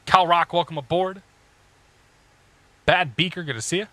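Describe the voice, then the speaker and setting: A man's voice: a little high, moderate pace, sharp tone, no room sound. A man casually talking through cockpit checklists on a live stream, joking and greeting chat viewers as he goes. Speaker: flight sim streamer.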